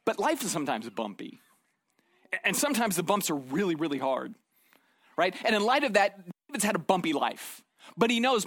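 A man's voice: sits high, big pitch swings, a little fast, fairly bright tone, no room sound. A middle-aged man preaching a sermon in a conversational storytelling way, often tagging his points with "right?". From Arizona. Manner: conversational storytelling, frequent "right?" tag questions. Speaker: pastor.

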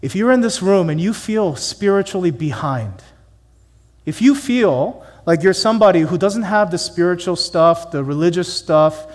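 Pastor guy preaching in church, punchy, lots of questions to the crowd, kinda high voice. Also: lively intonation, normal speed, long reverb tail. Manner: emphatic, conversational, rhetorical questions. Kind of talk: sermon.

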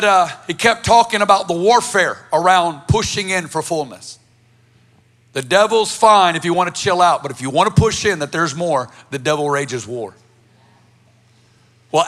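Bright, high-voiced emphatic male preacher. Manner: emphatic, builds to passionate lists. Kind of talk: sermon storytelling.

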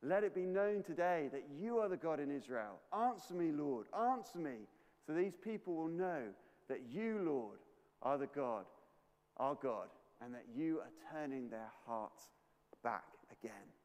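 A bold adult male prophet, acted out by a man telling the story, speaks with theatrical flair. His voice is pitched a little high and swings widely. It echoes through a long, reverberant hall. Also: expressive, a little slow, darkish tone. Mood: solemn prayer. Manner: mocking, theatrical.

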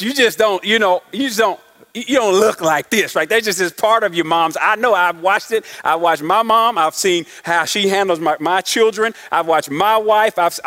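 A man's voice: high voice, sharp tone. A middle-aged man preaching a sermon as pastor, with conversational asides to the congregation and acted-out quotes. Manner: preaching with call-and-response asides; acts out couples' voices in quotes.

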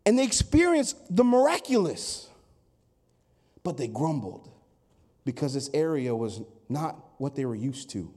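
A man preaching a Sunday sermon, acting out complaining voices and rising to loud, emphatic peaks. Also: fairly high pitch, sing-song, a little slow. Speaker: pastor.

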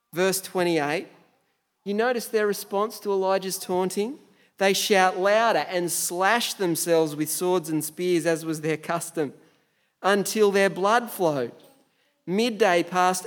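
A man with an Australian accent preaching a sermon in a conversational way, asking the listeners rhetorical questions and sometimes stumbling over words. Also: on the high side. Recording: long reverb in a large hall.

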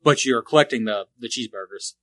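A man's voice: medium pitch, quick pace, fairly bright tone, dry recording. A man co-hosting a casual podcast about retro video games, rambling and correcting himself as he goes, often laughing. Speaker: podcast co-host.

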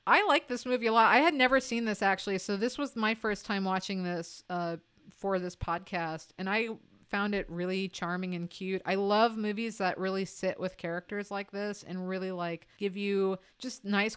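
A woman with a smooth, clear voice talks about a film on a podcast. She is enthusiastic, with plenty of fillers and quick asides. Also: medium pitch, fairly even intonation. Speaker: podcast co-host. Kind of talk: casual film-review chat.

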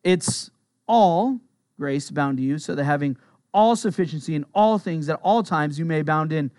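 High-voiced man preaching conversationally. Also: dry recording, clean studio sound. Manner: conversational, earnest preaching with quick asides. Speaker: pastor. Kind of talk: sermon.

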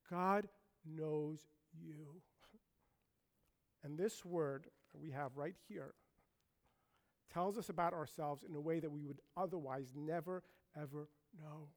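Man, pastor, sermon, high voice, conversational and emphatic.

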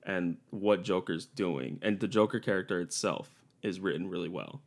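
Young male podcast co-host, very low register, loose and rambling, quick to laugh. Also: gravelly. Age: young adult. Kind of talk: casual chat.

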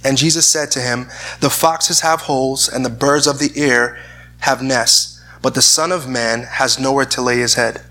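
A man's voice: mid-range voice, steady tone, normal speed, bright, forceful tone. A man preaching a sermon and reading scripture aloud, earnest in tone, often repeating words as he searches for the phrasing. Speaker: pastor.

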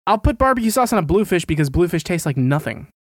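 Chill cussing dude on a podcast, dry mic. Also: male voice, high voice, very animated, fast, no room sound. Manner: easygoing, profane, rambling. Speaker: podcast co-host. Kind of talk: casual chat.

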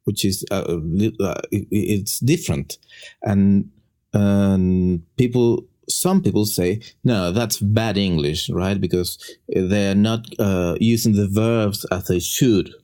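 A man from Chile with a Chilean Spanish accent, a native Spanish speaker, explaining in casual podcast chat with lively jumps in pitch. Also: takes it slowly.

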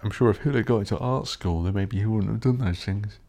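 Low-voiced man ranting casually. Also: a little fast, warm tone. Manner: swears a lot, rants and mocks posh voices. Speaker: podcast host. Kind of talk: rambling solo podcast monologue.

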